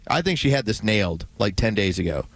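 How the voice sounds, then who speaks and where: A man's voice: on the low side, very animated, brisk, dry recording. A man co-hosting a morning radio show, talking in a wry, sarcastic way. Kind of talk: casual radio banter. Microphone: studio mic.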